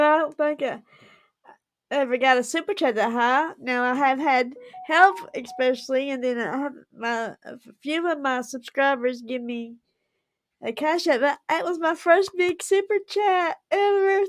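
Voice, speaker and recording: A woman's voice: high-pitched, unhurried, dry recording, clean studio sound. A woman, hosting a casual livestream and chatting effusively with frequent giggles. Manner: effusive and giggly, laughs often. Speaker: livestream host.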